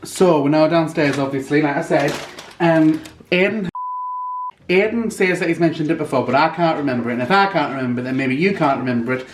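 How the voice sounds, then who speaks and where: A man's voice: on the high side, a little fast, roomy sound, a little hiss or hum. A young British man chatting casually to camera at home for his vlog, rambling with plenty of ums. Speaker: vlogger. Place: at home, indoors.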